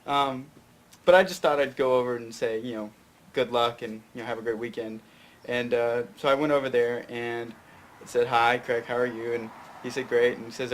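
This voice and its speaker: A man's voice: mid-range voice, steady tone, normal speed, slight background noise. A young man from Tennessee telling a long story as a guest on a talk show, full of fillers and restarts. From Fayette County, Tennessee. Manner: rambling, many fillers and restarts. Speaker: guest filmmaker. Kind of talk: casual storytelling interview.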